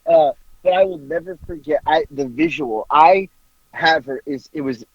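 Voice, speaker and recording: A man's voice: on the high side, normal speed, no room sound. A man on a podcast telling a story casually, swearing freely and laughing through it. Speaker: podcast co-host. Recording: dry, slightly dull recording.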